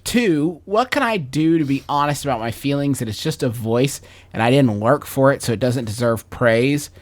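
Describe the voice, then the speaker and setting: A man's voice: medium pitch, lively intonation, normal speed. A man co-hosting a comedy podcast who reads a listener's letter aloud and then teases his co-hosts sarcastically.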